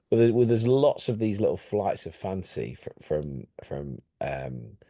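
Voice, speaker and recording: A man, co-hosting a podcast in relaxed, hesitant casual chat. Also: lowish voice, slow, gravelly, breathy edge, no echo. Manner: relaxed, hesitant, many fillers. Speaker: podcast co-host.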